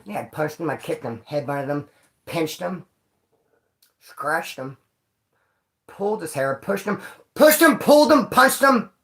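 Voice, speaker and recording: A man casually telling stories about his time in prison to camera, in a slangy, profane and animated way, often acting out other people's voices. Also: fairly high pitch, a little slow, pauses often.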